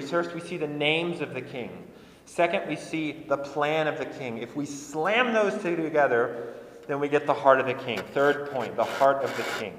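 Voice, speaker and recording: A man's voice: on the high side, slight background noise. A young man, a pastor, preaching a sermon in an earnest, conversational way and repeating phrases for emphasis. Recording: echoey hall with long reverb.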